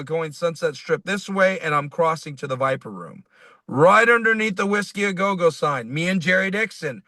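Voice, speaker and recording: A man's voice: fairly high pitch, no echo. A man, a musician being interviewed, telling a rambling story and acting out the dialogue as he goes. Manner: animated, rambling, acts out quoted dialogue. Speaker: musician guest.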